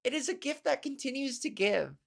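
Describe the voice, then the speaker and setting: A woman comedian hosting her own podcast, ranting casually with sarcasm, profanity and quick laughs. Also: high-pitched, very animated, creaky. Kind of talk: casual solo podcast rant.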